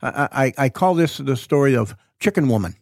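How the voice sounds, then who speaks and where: A man with a mid-range voice tells a story in a relaxed interview. He is an animated storyteller who acts out what people said. The sound is close and dry. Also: mid-range voice, moderate pace, no echo. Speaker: preacher and author guest.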